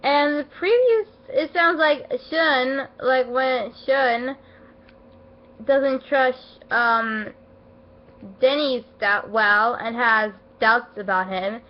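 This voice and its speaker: A woman giving a casual, rambling anime episode review, emotional and excitable, full of fillers and restarts, her voice not at its best as she feels unwell. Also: sits high, drawn-out words. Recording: dull lo-fi home recording.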